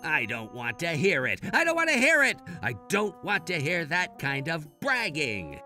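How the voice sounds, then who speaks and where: A man playing a spiteful young man who mocks an old classmate. He sneers and gloats slowly, and his pitch swings widely. Faint music runs behind him. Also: very animated, sharp tone, exaggerated voice. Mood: sneering. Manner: sneering, mocking.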